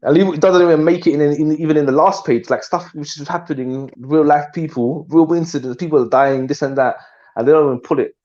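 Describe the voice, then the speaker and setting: A man's voice: on the high side, a little fast, a little mellow. Brief: man, stream host, loose slangy rambling chat, muffled lo-fi sound. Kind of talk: casual live chat. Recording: dull lo-fi audio.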